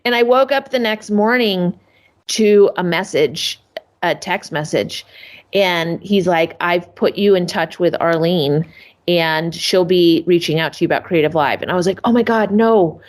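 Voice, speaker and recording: A woman guest on a podcast telling a casual story about her career, self-mocking and acting out what others said with sudden high-pitched quotes. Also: a little slow. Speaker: podcast guest, family photographer.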